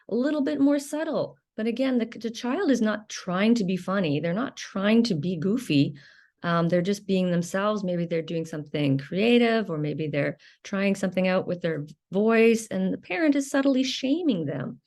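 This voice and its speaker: A woman's voice: medium pitch, expressive, a little slow, darkish tone. A woman hosting a reflective solo talk, speaking hesitantly with frequent ums and restarts. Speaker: podcast host.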